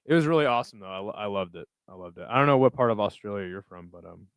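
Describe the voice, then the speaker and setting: A man's voice: fairly low pitch, expressive, rapid-fire, fairly bright tone, clean tone, no room sound. A young man hosting a live stream, chatting casually and reading viewer comments aloud in a loose, profane, rambling way. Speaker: livestream host reading chat.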